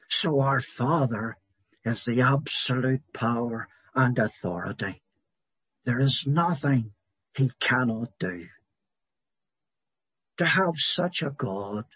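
A man preaching a sermon in a slow, emphatic way, swelling louder on key words. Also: medium pitch, breathy edge, dry recording.

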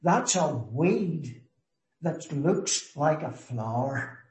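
Slow, earnest man preaching in an echoey room. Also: on the high side, big pitch swings, a little mellow. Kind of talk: sermon.

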